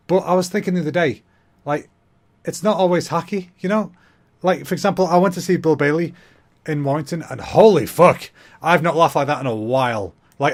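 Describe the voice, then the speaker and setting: A young man, hosting a comedy podcast in a rambling, self-mocking monologue, talking quickly. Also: fairly high pitch.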